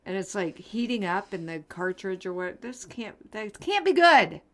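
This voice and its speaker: A woman's voice: mid-range voice, very animated, normal speed, fairly bright tone. A woman co-hosting a podcast in casual chat, coughing now and then, blunt and jokingly preachy. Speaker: podcast co-host.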